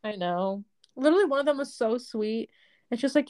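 A woman's voice: high voice, moderate pace, long pauses. A woman, co-hosting a podcast in casual chat and acting out the voices in her stories. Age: 20s. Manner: animated storytelling, acts out quoted voices. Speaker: podcast co-host.

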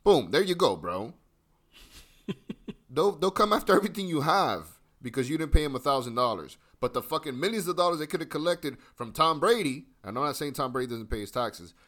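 Animated, profane man ranting. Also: fairly high pitch, fairly quick. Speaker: podcast host. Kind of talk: casual podcast chat.

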